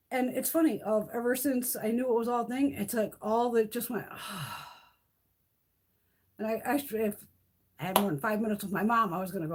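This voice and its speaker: A woman's voice: fairly high pitch, normal speed, a little mellow. A middle-aged woman vlogger ranting bluntly in a casual livestream, swearing freely and laughing often. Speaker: beauty vlogger.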